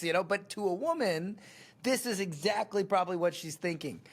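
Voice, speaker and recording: Sarcastic man reacting with gravelly laughs. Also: sits high, lively intonation, normal speed. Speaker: host breaking down a sales pitch. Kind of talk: reaction commentary.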